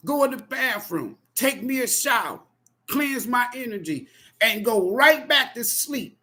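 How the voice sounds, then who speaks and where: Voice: mid-range voice, lively intonation, measured pace, bright, forceful tone. Profane, emphatic tarot reader ranting. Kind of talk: impassioned spoken monologue.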